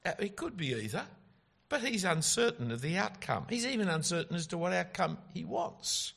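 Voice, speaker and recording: Lively, gravelly preacher man. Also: high-pitched, normal speed. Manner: emphatic, with rhetorical questions. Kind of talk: expository sermon.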